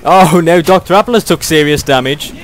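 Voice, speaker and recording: A young British man doing excitable play-by-play commentary on a video game match, chuckling often. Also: fairly high pitch, brisk, a little hiss or hum.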